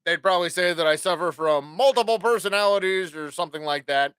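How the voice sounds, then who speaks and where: A man's voice: sits high, quick pace, a bit bright, clear, resonant tone, no echo, clean studio sound. A man hosting his own podcast, rambling casually with plenty of swearing and jokes. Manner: profane, rambling, jokey. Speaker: podcast host.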